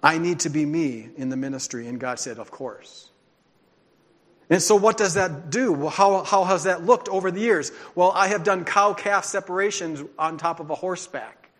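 A male pastor preaching with earnest, confessional storytelling. His voice sits a little high for a man, and the sound rings out with a long hall reverb as in a church sanctuary. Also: moderate pace, fairly bright tone. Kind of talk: sermon with personal testimony.

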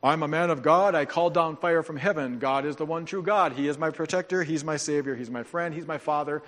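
A man's voice: on the high side, brisk, fairly bright tone, close to an everyday voice. A man voicing a dramatic, self-pitying male prophet in a mock-boastful paraphrase, with long hall reverb.

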